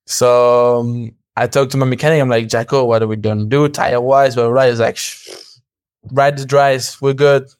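A young man, a podcast guest, telling a story in casual chat with plenty of energy. He acts out quoted dialogue, laughs often and swears a little. His voice comes across smooth and resonant over a dry, close mic. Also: medium pitch, flat delivery, moderate pace, dry recording.

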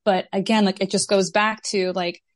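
A woman's voice: mid-range voice, little pitch movement, normal speed, dry recording. A woman talks as a podcast guest in a mid-range voice, candid and chatty, her sentences loose and full of "like". The recording is dry and close. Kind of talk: conversational interview.

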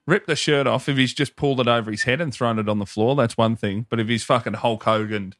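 A man's voice: mid-range voice, steady tone, quick pace, dry recording, studio quality. An Australian man co-hosting a podcast in casual comedic chat, joking and laughing often. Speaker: podcast co-host.

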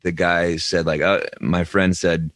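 A man's voice: low voice, little pitch movement, measured pace, fairly bright tone, no room sound. A man co-hosting a comedy podcast, riffing jokily and often slipping into silly voices. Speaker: podcast co-host. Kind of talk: comedic banter.

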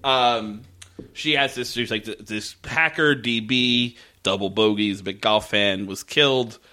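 A man's voice: on the low side, a little slow, bright, forceful tone. A man casually recapping a TV show on a podcast, swearing often and rambling through restarts and fillers. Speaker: podcast co-host.

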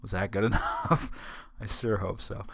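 A man's voice: lowish voice, fairly even intonation, measured pace, fairly bright tone, no room sound, studio quality. A man hosting a solo podcast in a casual monologue, rambling, stumbling over his words and making wry asides. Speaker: podcast host.

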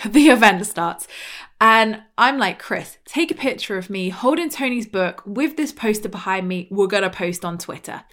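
British woman podcaster, 30s, gabby storyteller with mid-range pitch. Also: a bit bright. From Britain. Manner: chatty, lots of "like", acts out quoted lines. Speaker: podcast host. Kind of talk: casual storytelling monologue.

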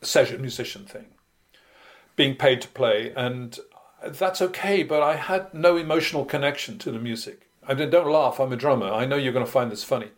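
A man's voice: mid-range voice, moderate pace. A man from Britain, a guest musician in a casual interview, telling anecdotes in a wry, self-deprecating way.

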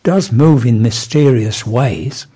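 A man voicing a patient vicar in a told joke, speaking in a measured, placating way. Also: medium pitch, mellow, slightly rough. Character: mild, patient male vicar.

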